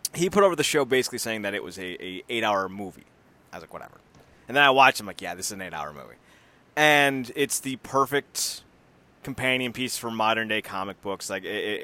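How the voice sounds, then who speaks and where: A man co-hosting a casual podcast, rambling and laughing as he talks. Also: fairly low pitch. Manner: animated, rambling, laughs often, acts out voices. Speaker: podcast co-host.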